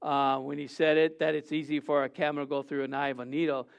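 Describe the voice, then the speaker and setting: A man preaching an informal sermon, halting often and asking rhetorical questions. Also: a little high, level tone, vocal fry, smooth, lo-fi sound.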